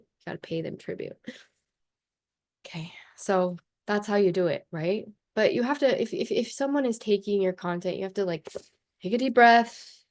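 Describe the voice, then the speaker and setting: A woman's voice: medium pitch, creaky, darkish tone. A woman coach talking straight to camera in a casual vlog, chatty and passionate, blunt, swearing and saying "like" a lot. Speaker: life coach.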